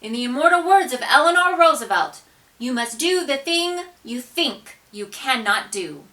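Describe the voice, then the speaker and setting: Woman voicing a stubborn little storybook girl, high and bright, swooping all over, heard a bit back from the mic. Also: expressive, normal speed, far from the mic, low-quality recording. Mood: firm. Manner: declaims grand quotations, cries out defiantly. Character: determined, dramatic young girl.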